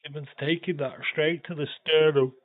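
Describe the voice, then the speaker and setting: A tired, stuffy-nosed man hosting a livestream, giving loose wrestling play-by-play with swearing and sudden excited bursts. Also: fairly high pitch, normal speed. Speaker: livestream host. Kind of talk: casual wrestling watch-along commentary. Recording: thin phone-like sound.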